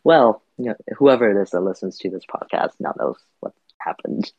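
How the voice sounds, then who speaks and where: A man's voice: on the low side, moderate pace, breathy edge, dry recording. A man from Vietnam, a podcast guest, talking thoughtfully and hesitantly with many fillers and restarts, in dull lo-fi audio. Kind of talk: reflective podcast conversation.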